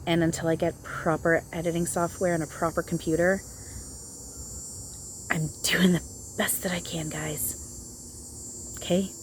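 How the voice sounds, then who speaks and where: A woman's voice: sits low, slight background noise. A woman talking outdoors in a channeling vlog, hesitant and reassuring, often repeating herself. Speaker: spiritual channeler.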